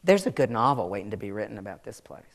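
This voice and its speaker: Racing through her answers in a sing-song bass voice, this Southern-accented author from Maryland takes questions from a live audience. She's talkative and frank and laughs readily.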